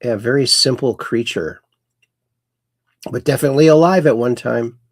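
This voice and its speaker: A man's voice: mid-range voice, normal speed, no room sound, clean studio sound. A man hosting a casual livestream, reading out viewer comments and chatting along in a rambling, folksy way that often repeats itself. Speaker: livestream host.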